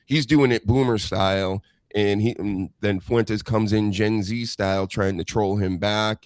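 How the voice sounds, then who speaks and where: A man's voice: fairly low pitch, dry recording. A man hosting a casual podcast chat, talking in a rambling, easygoing way. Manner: rambling, chatty, drawn-out storytelling.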